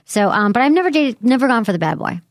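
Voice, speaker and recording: A woman's voice: on the high side, big pitch swings, fast, dry recording, clean studio sound. Frank chatty woman podcast host. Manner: frank, chatty, reads listener emails aloud. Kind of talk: casual chat.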